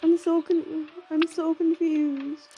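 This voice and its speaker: A young woman chatting casually while she plays an online game, excitable, gasping and exclaiming as she reacts. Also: high-pitched, takes it slowly, lo-fi sound, a little hiss or hum. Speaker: game player narrating gameplay. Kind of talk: casual gameplay commentary. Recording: game music playing behind. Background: game music.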